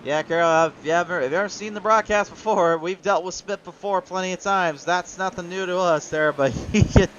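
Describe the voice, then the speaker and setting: A man's voice: sits high, brisk, hardly any pauses, clean tone, dull audio. A man from Iowa giving sim racing play-by-play commentary, chatting with viewers between calls. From Iowa, USA. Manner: chatty, reads viewer chat aloud, rises to excited calls. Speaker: race commentator.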